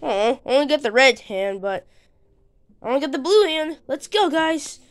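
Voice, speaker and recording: A woman hosting her channel, narrating a playful toy adventure in an excitable manner and bickering back and forth with herself. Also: high-pitched. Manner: excitable, bickering with itself, quick changes of voice. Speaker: channel host.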